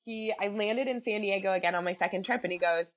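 A woman guest on a podcast chats casually about her own life, speaking fast in a mid-range voice. She's chatty and acts out what people said to her as she tells her personal stories.

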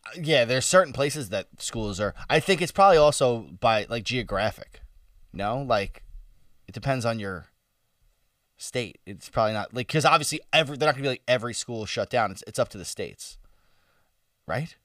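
Lively, sarcastic male co-host. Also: medium pitch, dry recording, clean studio sound, recorded from a distance. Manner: quick reactions, sarcastic and profane. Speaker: podcast co-host. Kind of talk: casual chat.

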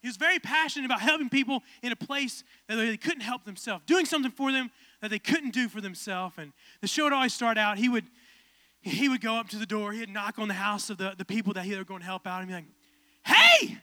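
Male pastor, 20s, storyteller turned fervent preacher; very high pitch, dry close sound. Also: fast talker, dry recording. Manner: casual, animated storytelling building to fervent preaching. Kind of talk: storytelling sermon.

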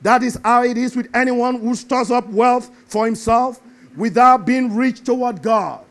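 A man preaching a sermon, animated and building to emphatic shouts. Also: very high voice, measured pace.

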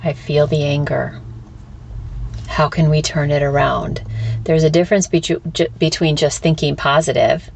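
A woman hosting a spiritual self-help podcast, talking candidly and casually, swearing freely and slipping into high squeaky voices when she quotes people. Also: steady tone, normal speed, vocal fry, husky. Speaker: podcast host. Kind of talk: reflective spiritual talk.

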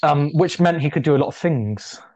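A man's voice: on the high side, lively intonation, fairly quick, a little mellow. A man co-hosting a casual podcast chat, talking chattily and laughing often. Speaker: podcast co-host. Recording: dull lo-fi audio.

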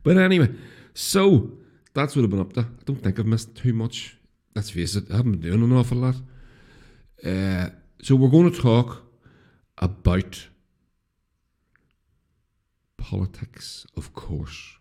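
A man's voice: medium pitch, animated, moderate pace, dark tone. A middle-aged man with a Northern Irish accent, hosting a casual solo podcast, rambling with restarts and swearing freely. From Northern Ireland. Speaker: podcast host.

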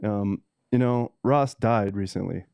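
A man's voice: lowish voice, a little slow, creaky, darkish tone, clean tone, dry recording. A man telling a heated, profanity-filled story in a casual monologue, ranting and reading messages aloud. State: emotional, teary at times. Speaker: cannabis seed breeder telling a story.

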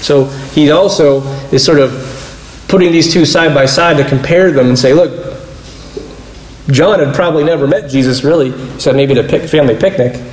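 A man's voice: fairly high pitch, moderate pace, darkish tone, reverberant, low-quality recording. A man giving a casual, conversational sermon as a pastor, explaining scripture and acting out quoted dialogue along the way. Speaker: pastor teaching a Bible study.

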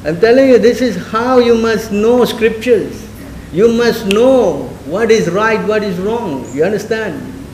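A man's voice: sits high, expressive, measured pace, a little mellow, a little hiss or hum. A man teaching a spiritual class in a conversational way, often questioning his listeners and acting out quoted speech. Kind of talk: sermon class. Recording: echoey room.

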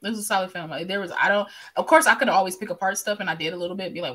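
A woman's voice: medium pitch, very fast, pushed and bright. A woman on a movie podcast panel, playful and emphatic in casual chat.

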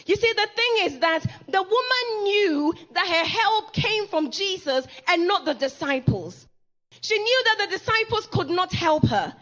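A woman preaches a sermon in a very high voice. Her tone is bright and forceful. She tells the story dramatically, repeats lines for emphasis and acts out the people in it. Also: sing-song, measured pace. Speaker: pastor's wife preaching.

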